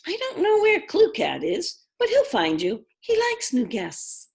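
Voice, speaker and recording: A woman voicing a kindly, mysterious older housekeeper who speaks gently in a storybook reading. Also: very high voice, huge pitch swings, unhurried, vocal fry, voice pushed up, heavily acted. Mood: gentle.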